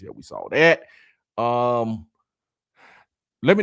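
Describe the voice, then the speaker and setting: A man of medium pitch reads viewer comments on a casual sports talk livestream at a slow pace with long pauses. Still lively and laughing, he peppers in Southern "y'all" and "man," and the studio-quality audio carries no room sound.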